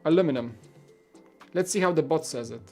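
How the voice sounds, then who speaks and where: A man's voice: fairly high pitch, animated, normal speed, a little mellow, faint music behind. Chatty Polish-native man streaming live. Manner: rambling, stammers and repeats words; chuckles often while talking. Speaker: livestream host. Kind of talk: casual livestream chat while building.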